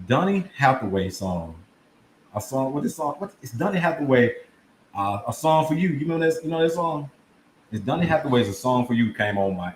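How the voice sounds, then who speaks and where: A man spins a comedic story in casual chat, with a lively voice that jumps high and low as he acts out the other people. His voice rings in an echoey room, with faint noise behind him. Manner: animated, acts out voices and laughs mid-story. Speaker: podcast guest storyteller.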